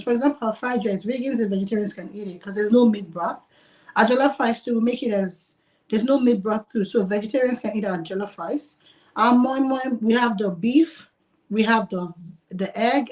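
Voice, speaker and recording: A woman's voice: mid-range voice, a little mellow. A woman who owns a restaurant, chatting in a casual interview over a video call, laughing often and filling her talk with "like". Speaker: restaurant owner.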